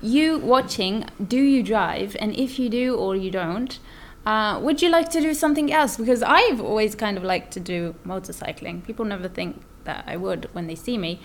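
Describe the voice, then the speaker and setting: A woman's voice: mid-range voice, moderate pace. A woman co-hosting a podcast in casual chat, filling her talk with "like". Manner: chatty, many "like" fillers. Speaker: podcast co-host.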